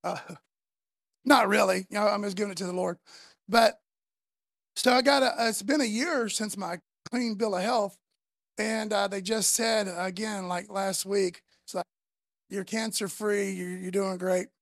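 A woman preacher giving a sermon in a chatty, animated way, acting out the voices she quotes. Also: medium pitch, a little slow, creaky, dry recording, studio quality.

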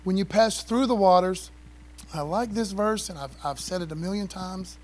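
A high-voiced man preaching to his congregation in an easygoing, slangy way. He reads scripture aloud and keeps asking the room for a witness. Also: moderate pace, darkish tone, a little hiss or hum. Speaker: pastor. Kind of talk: sermon.

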